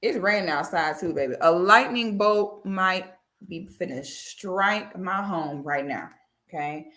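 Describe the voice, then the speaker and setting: A woman's voice: on the low side, a little slow, bright, forceful tone. A woman giving casual reaction commentary, sassy and exclamatory, speaking straight to her viewers.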